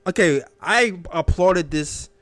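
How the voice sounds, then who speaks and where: A man hosting a casual sports talk show, animated and emphatic, tossing out questions as he thinks aloud. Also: high-pitched, slow pace. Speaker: host.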